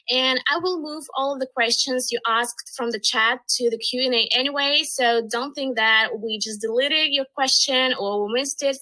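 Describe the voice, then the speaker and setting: Upbeat woman hosting a webinar, high voice. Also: pushed and bright, rough recording. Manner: upbeat, reads chat messages aloud. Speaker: webinar host. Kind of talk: live webinar hosting, greeting chat.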